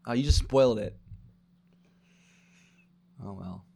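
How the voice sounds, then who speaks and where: A man's voice: on the low side, slow pace, vocal fry, heavy background noise. Chatty young man hosting his podcast. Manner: chatty, practicing a radio-style broadcast voice. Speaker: podcast host. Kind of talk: casual chat to camera. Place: home kitchen.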